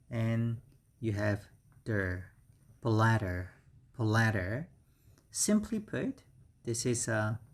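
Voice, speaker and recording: A man with a Korean accent teaches English vocabulary at a very slow, deliberate pace. He repeats each new word several times and stops to explain stress and spelling. His voice sits at an ordinary middle pitch. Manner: slow, careful word-by-word delivery with repeated words and fillers.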